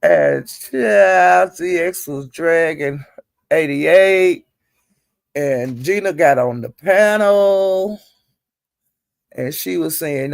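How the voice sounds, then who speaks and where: A woman's voice: sits low, drawn-out words, vocal fry, long pauses, dry recording, studio quality. A woman hosting a livestream, retelling an online feud in a chatty, gossipy way and calling her listeners "child". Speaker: livestream host.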